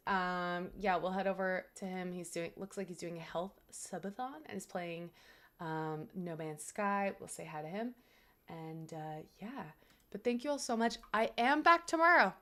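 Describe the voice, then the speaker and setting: A woman's voice: mid-range voice, pushed and bright. Young woman streamer, casual chat, earnest and rambling, home setup. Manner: earnest, grateful, rambling with fillers.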